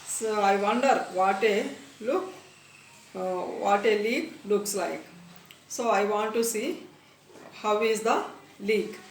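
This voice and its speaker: A woman teacher with an Indian English accent, reading a story aloud and stopping to explain words, repeating phrases slowly. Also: medium pitch. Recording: echoey room, distant mic, faint noise.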